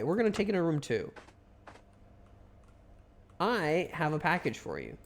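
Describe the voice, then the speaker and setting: A man's voice: fairly high pitch, sing-song, unhurried, long pauses. A man streaming a video game live, giving casual commentary, joking and swearing as he talks back to the game.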